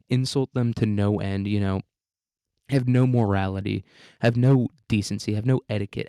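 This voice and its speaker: A man's voice: lowish voice, mellow, clean tone, no echo, studio quality. A man hosting a solo podcast, talking casually in a rambling, profane, self-mocking way and laughing often. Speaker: podcast host.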